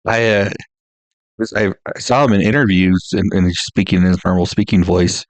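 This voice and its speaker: A man's voice: low voice, fairly even intonation, normal speed, dry recording. A man co-hosting a casual movie podcast, telling stories in an easygoing way. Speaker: podcast co-host.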